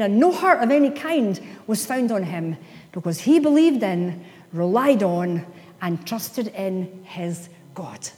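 A woman pastor preaching an emphatic sermon, with playful asides and slow, stressed phrases. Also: on the high side, darkish tone. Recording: long hall reverb.

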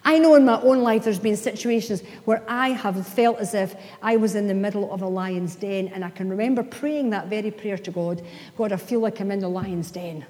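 A woman pastor preaching an emphatic sermon, with playful asides and slow, stressed phrases. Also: mid-range voice, warm tone. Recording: long hall reverb.

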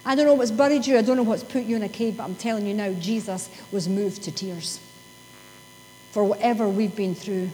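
A woman preaching a sermon, building to emphatic questions and then dropping to soft, slow scripture reading. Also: mid-range voice. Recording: long hall reverb, faint hum.

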